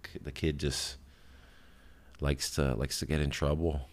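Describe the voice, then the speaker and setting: A man in his thirties with an extremely low, rumbling voice, talking loosely as a podcast host. He rambles in a laid-back way, swears freely and fills gaps with "um" and quick laughs. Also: level tone. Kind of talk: casual solo podcast chat.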